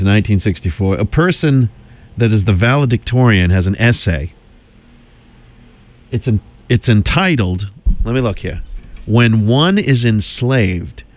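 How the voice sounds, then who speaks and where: Chatty man rambling about old records. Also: fairly low pitch. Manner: chatty, meandering, with many fillers. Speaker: host presenting old records. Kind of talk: casual rambling commentary.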